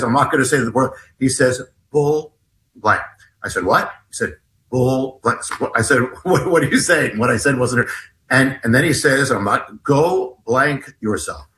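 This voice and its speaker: A man with a fairly high, bright, forceful voice tells a story as a guest on a talk show. He stops and restarts often and acts out what each person said. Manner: halting, many restarts, acts out dialogue. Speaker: guest author. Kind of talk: animated storytelling in an interview.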